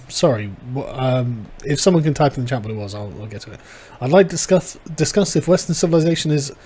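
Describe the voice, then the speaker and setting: A man's voice: medium pitch, a little mellow, husky. A man hosting a casual livestream, reading viewer chat aloud and reacting with wry, sarcastic asides. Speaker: livestream host.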